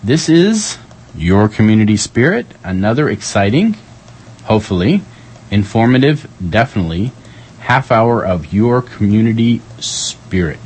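On his community radio show, a man banters and jokes while reading the day's events, with a bouncy, up-and-down delivery. His voice is low, husky, and unhurried, and the recording is rough.

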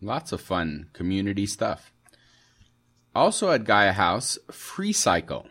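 A man's voice: fairly low pitch, slow. A man co-hosting a community radio show, playful and joking as he reads listings. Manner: playful, joking, lively ad-style delivery. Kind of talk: casual radio chat. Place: radio studio.

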